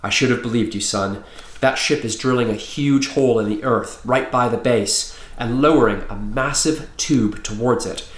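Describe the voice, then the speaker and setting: A man reading aloud voices a steady, gruff military father who speaks in a calm, clipped way. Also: medium pitch, moderate pace, roomy sound, close to an everyday voice. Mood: grave.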